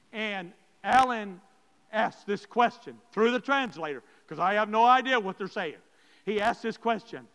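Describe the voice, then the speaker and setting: A man's voice: high-pitched, lively intonation, a little slow, fairly bright tone, clean tone. A male pastor telling stories in a sermon and speaking directly to his congregation. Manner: emphatic preacher addressing the congregation directly. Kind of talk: sermon storytelling. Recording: long hall reverb.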